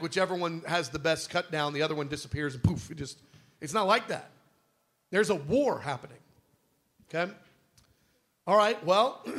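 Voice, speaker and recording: A man's voice: high-pitched, fairly bright tone. A man preaching a sermon in a conversational, emphatic way, firing off rhetorical questions.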